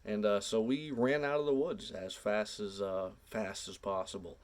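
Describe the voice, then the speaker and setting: A man telling a personal story casually to camera, animated, drawn out and sprinkled with swearing. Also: fairly low pitch, moderate pace.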